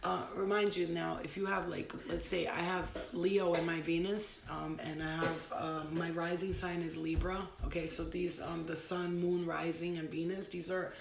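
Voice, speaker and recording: A woman's voice: lowish voice, little pitch movement, normal speed, creaky, few pauses. A young woman casually teaching astrology in a livestream from her room at home, joking, giggling and swearing freely. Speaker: astrology vlogger. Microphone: phone. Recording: echoey home room with faint noise.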